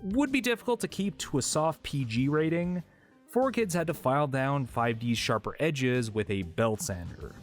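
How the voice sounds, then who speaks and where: A man narrates a video essay at a middle pitch in a dry, wry way. His delivery is scripted and even, with soft music playing under him. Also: moderate pace. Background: faint background music.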